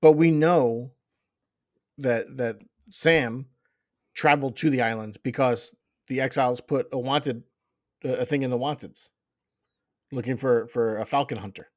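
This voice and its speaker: A man's voice: mid-range voice, measured pace, pauses often, dry recording, studio quality. A man co-hosting a casual comic book podcast, talking in incredulous, rambling asides. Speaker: podcast co-host.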